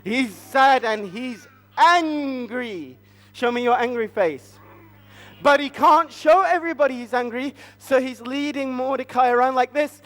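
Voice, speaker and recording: A man retelling a Bible story at a church family service, asking the children animated, coaxing questions. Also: very high voice, a little slow, big-room sound. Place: church hall.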